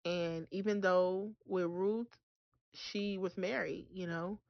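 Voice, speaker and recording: A woman's voice: lowish voice, steady tone, takes it slowly, vocal fry, dry recording, lo-fi sound. A woman hosting a faith podcast, speaking emphatically and calling her listeners "baby" and "y'all". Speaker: podcast host.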